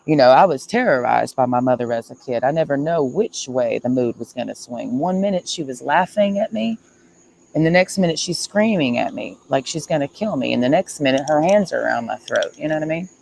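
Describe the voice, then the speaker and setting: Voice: medium pitch, lively intonation, a little fast, gravelly, a little mellow, a little hiss or hum, poor audio. A streamer talking in a casual livestream monologue, earnest and repetitive, speaking emphatically and confessionally.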